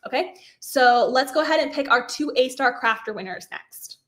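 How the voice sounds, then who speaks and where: Bubbly, higher-voiced woman craft host. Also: expressive, normal speed, fairly bright tone. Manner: bubbly, chatty, laughs often, apologizes over names. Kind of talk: live-stream giveaway chat.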